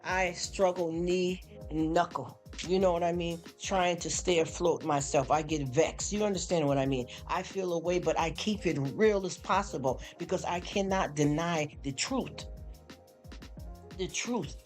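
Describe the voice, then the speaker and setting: Exhausted from a long shift at work, a live streamer speaks at normal speed in a medium-pitched voice, chatting about faith with his live audience. He rambles and keeps repeating "you understand?" while faint music plays behind him.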